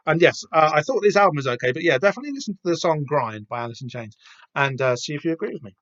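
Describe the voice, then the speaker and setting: A man's voice: fairly high pitch, fairly bright tone, no echo. A man talking casually as a podcast host, rambling with lots of fillers and restarts. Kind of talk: casual comic-book reading chat. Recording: dull dry lo-fi home mic.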